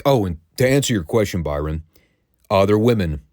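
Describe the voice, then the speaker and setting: A man's voice: on the low side, animated, brisk, darkish tone, no echo, clean studio sound. A man hosting a review podcast, ranting in a sarcastic, profane way. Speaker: podcast host reviewing wrestling.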